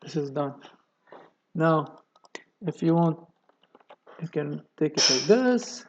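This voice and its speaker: A man's voice: fairly high pitch, expressive, dull audio, slight background noise. A man with a delivery, explaining a technical drawing step by step in a screen-recorded tutorial. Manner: slow, step-by-step explaining with many okays. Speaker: engineering tutorial presenter.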